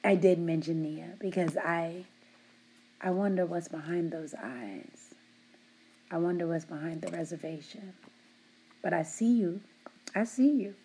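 A middle-aged woman who supervises a work team, giving them affectionate shout-outs and teasing them while laughing often. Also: on the low side, measured pace, pauses often, slight background noise.

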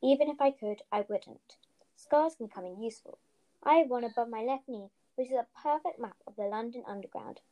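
A woman voicing an old, wise wizard man who speaks calmly and quietly. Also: on the high side, a little fast, dull audio, close to an everyday voice.

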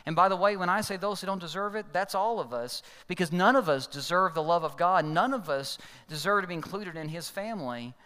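Pastor preaching in a reverberant hall. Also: male voice, brisk, few pauses, pushed and bright, clean tone. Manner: storytelling, acts out quoted voices with big pitch jumps. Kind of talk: sermon. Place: large church hall.

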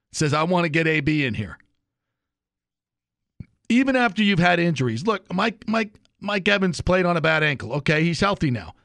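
A man's voice: sits high, a bit bright, no room sound. A man hosting a sports talk radio show, delivering an opinionated, emphatic monologue.

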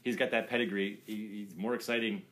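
Deep-voiced male host, loose jokey sports banter. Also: fairly even intonation, fairly quick, fairly bright tone, slight background noise. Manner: quizzes the other speaker, jokey, rambling. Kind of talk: casual sports chat.

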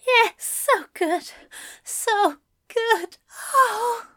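A woman's voice: very high voice, lively intonation, drawn-out words, pushed and bright, pitched above the performer's own voice, heavily acted. A woman voicing a flustered, desperate male angel who pleads and whimpers breathlessly.

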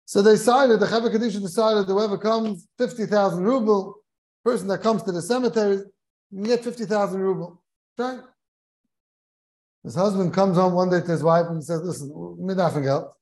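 Chuckling rabbi telling a Torah tale. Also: male voice, sits high, brisk. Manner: animated storyteller who chuckles while telling; peppers English with Hebrew and Yiddish terms. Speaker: rabbi giving a Torah class. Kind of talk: lecture with a humorous story. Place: study hall of a kollel.

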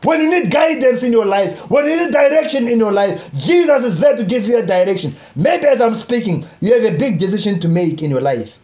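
A man with a strikingly high voice delivers a sermon, repeating his points and bursting into shouts on the key phrases. The room around him is echoey and reverberant. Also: expressive, brisk, few pauses. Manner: impassioned, repetitive, rising to shouts on key phrases. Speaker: preacher.

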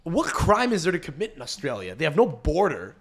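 A man's voice: a little high, wildly swooping pitch, fairly quick, a bit bright. A man hosting a casual podcast, rambling and swearing freely, with frequent restarts. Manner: rambling, profane, restarts often. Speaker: podcast host.

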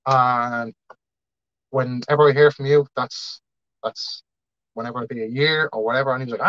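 A man's voice: medium pitch, fairly even intonation, moderate pace, long pauses, a bit bright, no echo, lo-fi sound. A man in his thirties with a Dublin accent, a podcast guest telling a long story in a rambling, chatty way and acting out the people in it. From Dublin, Ireland. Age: 30s. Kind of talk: casual storytelling.

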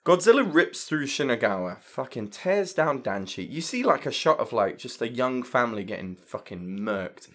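A man's voice: medium pitch, moderate pace, hardly any pauses. A man casually chatting about a film as a podcast co-host, swearing and acting out quotes. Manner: animated, swearing, acts out quotes. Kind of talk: casual film review chat.

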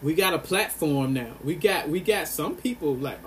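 A man's voice: on the high side, animated, moderate pace, slight background noise. Earnest man delivering an impassioned monologue. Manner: earnest and emphatic, repeats phrases for stress. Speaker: vlogger.

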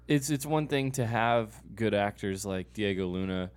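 A man's voice: lowish voice, moderate pace, clear, resonant tone, faint music behind. A man co-hosting a casual movie review podcast, a playful contrarian who teases and mimics people. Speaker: podcast co-host.

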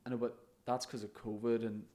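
A man's voice: medium pitch, little pitch movement, brisk, warm tone. A man, a comedian and podcast co-host, telling stories in casual chat, laughing often and swearing now and then.

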